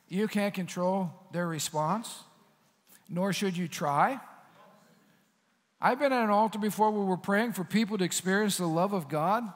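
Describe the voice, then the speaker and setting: High-voiced pastor preaching in a hall. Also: male voice. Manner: conversational, animated preaching with asides to the congregation. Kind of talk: sermon. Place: church sanctuary.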